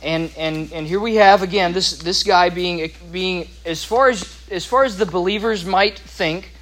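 A man's voice: high voice, a little slow, fairly bright tone. A man teaching a Bible lesson, explaining scripture with asides and restarts.

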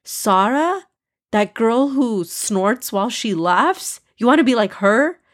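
A woman's voice: fairly high pitch, slow pace, pitched above the performer's own voice. A woman voicing a cheeky young boy who teases his sister, in a storybook reading. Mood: teasing. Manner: teasing, lively. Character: cheeky young boy, teasing big brother.

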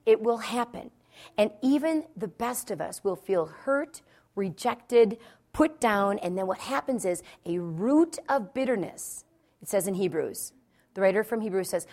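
A woman from the Philadelphia area preaching to wives in a conversational sermon, repeating key lines for emphasis and telling personal stories with asides. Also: medium pitch. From New Jersey and Philadelphia, USA. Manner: emphatic and repetitive, storytelling with asides. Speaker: Christian speaker addressing wives.

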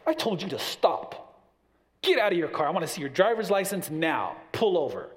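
A man's voice: sits high, sing-song, moderate pace, voice pushed up. A man doing a stern traffic cop. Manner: barking curt orders. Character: stern male traffic police officer.

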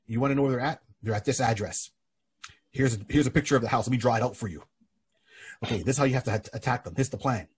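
A man voicing a smug, grinning male villain while retelling a comic, with a very husky voice. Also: medium pitch, rapid-fire.

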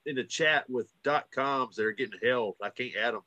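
A man's voice: mid-range voice, moderate pace, pushed and bright, muffled recording. A man co-hosting a casual podcast chat and reading viewer messages aloud.

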